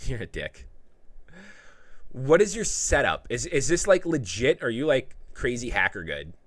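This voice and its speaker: A young man with a mid-range voice hosts a casual livestream, speaking at normal speed and sounding very animated in a dry recording. Loose and joking, he reads out viewer comments and talks to his chat by name.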